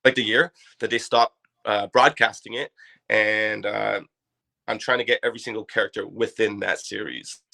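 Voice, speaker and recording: A man's voice: lowish voice, fairly even intonation, moderate pace, vocal fry, pushed and bright. A man from Canada, a guest chatting on a podcast about his toy collection in a loose, enthusiastic way. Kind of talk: casual podcast chat.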